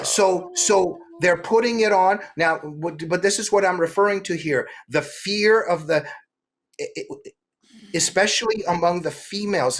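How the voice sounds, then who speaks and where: A middle-aged man, an author interviewed as a guest, telling animated stories with many quick restarts. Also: mid-range voice. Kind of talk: political interview.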